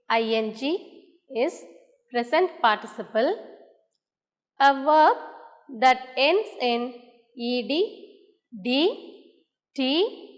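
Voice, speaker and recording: Slow, deliberate woman teacher with a Tamil English accent. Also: high-pitched. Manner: very slow and deliberate, dictating examples word by word. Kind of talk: classroom grammar lesson. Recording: roomy hall with long echo.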